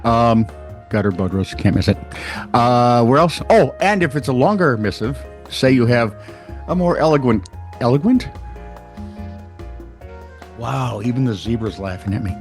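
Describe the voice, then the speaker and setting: An older man with a mid-range voice meanders through a sign-off. He stumbles over words and makes fun of himself. His pitch moves a lot, and faint music sits far behind him. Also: lively intonation, moderate pace. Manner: rambling, self-mocking, fumbles words. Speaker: co-host. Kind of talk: comedy news banter.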